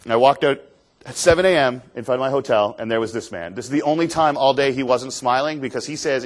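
A man from Canada gives a motivational talk from a stage, telling stories in an animated, self-deprecating way. His voice sits at an ordinary middle pitch for a man. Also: quick pace. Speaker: motivational speaker. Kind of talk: storytelling keynote talk on stage. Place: stage before an audience.

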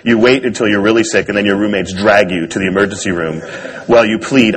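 A man's voice: lowish voice, fast talker, rough recording. A man on stage telling a personal story to an audience in a wry, self-deprecating way. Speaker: speaker giving a talk.

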